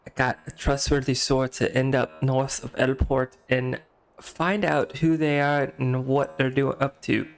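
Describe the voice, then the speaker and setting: A man reading out a gruff male tavern keeper's game dialogue in a clumsy attempted Scottish accent. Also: mid-range voice, little pitch movement, unhurried, slight background noise. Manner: reading game dialogue aloud in a put-on brogue.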